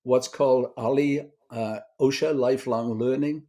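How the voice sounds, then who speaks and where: Mellow-voiced older man telling stories. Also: medium pitch, fairly even intonation, moderate pace. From Britain. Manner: rambling, with many fillers and restarts. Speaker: guest screenwriter. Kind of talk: casual storytelling interview.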